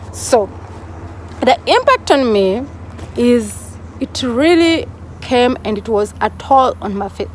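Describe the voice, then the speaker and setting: A woman's voice: on the high side, a little hiss or hum. A young woman records a personal vlog, talking through tears and apologizing as she breaks down. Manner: tearful, breaking down. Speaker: vlogger.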